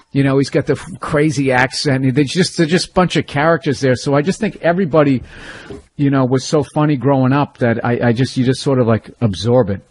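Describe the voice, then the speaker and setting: A man, a comedian telling animated, profane stories in a casual interview. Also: mid-range voice. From suburbs of Boston. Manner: storytelling, animated, profane, self-deprecating. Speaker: comedian guest.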